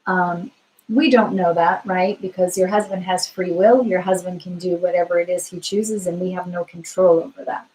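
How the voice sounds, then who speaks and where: On a live stream, a female tarot reader answers viewer questions gently and reassuringly, thinking aloud with frequent fillers. Her voice is lowish with fairly even intonation at a moderate pace, and the recording quality is low.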